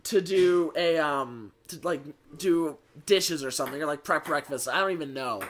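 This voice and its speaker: A man's voice: a little high, normal speed, background noise. A young man in his late teens telling a rambling story on a casual livestream, full of fillers. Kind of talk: casual chat.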